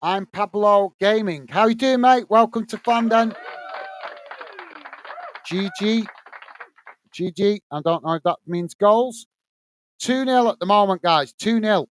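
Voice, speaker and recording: A man's voice: high-pitched, takes it slowly, long pauses, a little hiss or hum. A man hosting a football watch-along, calling the play casually and reading out viewer messages. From England. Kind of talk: live fan commentary and chat reading.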